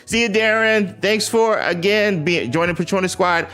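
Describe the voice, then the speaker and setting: A man's voice: sits high, normal speed, bright, forceful tone, faint music behind. A young man hosting a casual livestream, greeting chat viewers and pleading with exasperated sighs and laughs. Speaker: livestream host. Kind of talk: casual live-stream chat.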